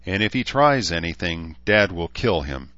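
A man voicing an earnest young woman who speaks gently and reassuringly, a little flustered, on a dull lo-fi recording. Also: low voice, big pitch swings, normal speed, no room sound, full character voice.

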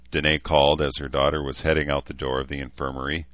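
A man with a very deep voice narrates a novel in an even, steady manner. The recording is close and dry, with slightly dulled highs. The delivery stays plain throughout. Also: fast, few pauses, no room sound, lo-fi sound. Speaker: audiobook narrator. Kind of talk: scripted narration.

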